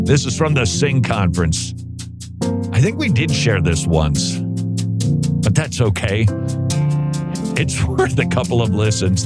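A man hosting a casual talk show, musing aloud and asking his co-host rhetorical questions. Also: lowish voice. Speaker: podcast host.

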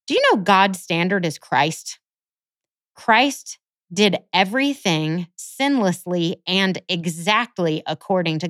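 A woman's voice: fairly low pitch, dry recording. A woman hosting a Christian show, teaching in an earnest, scripted way and citing scripture verses. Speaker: host of a Christian podcast. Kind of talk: scripted Bible teaching monologue.

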